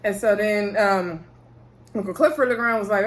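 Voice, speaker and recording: Lady chatting thru a tv recap, acts out everybody's lines, lively storytelling. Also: mid-range voice, moderate pace. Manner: animated retelling, acting out characters' lines. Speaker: TV episode recapper. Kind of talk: casual episode recap.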